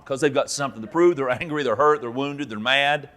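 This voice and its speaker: A man preaches, jumping in pitch and loudness as he acts out the people in his stories. His voice sits a little high for a man, and he shifts quickly between quiet asides and shouting. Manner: animated storytelling, acting out characters with sudden loud shouts. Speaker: pastor. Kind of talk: sermon teaching.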